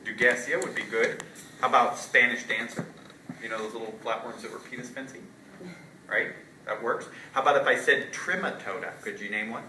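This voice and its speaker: A man's voice: medium pitch, a little fast, pushed and bright. Man lecturing in an echoey hall. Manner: casual, quizzing students with frequent "right?". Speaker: college zoology lecturer. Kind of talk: classroom lecture. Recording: roomy lecture hall from far off, light noise.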